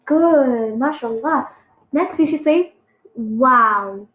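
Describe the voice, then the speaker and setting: A woman giving a casual pronunciation lesson on letter sounds, halting and full of fillers, encouraging her students. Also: sits high, lively intonation, a little hiss or hum. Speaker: Arabic alphabet teacher. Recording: echoey, tinny phone-like sound.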